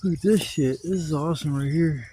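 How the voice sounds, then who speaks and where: Man, camping vlogger, rambling, profane, warm dark tone, outdoors in woods, faint background noise. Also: a little high, brisk. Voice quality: profane, rambling, Southern-style speech. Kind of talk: casual outdoor vlog. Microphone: camera mic, handheld gimbal.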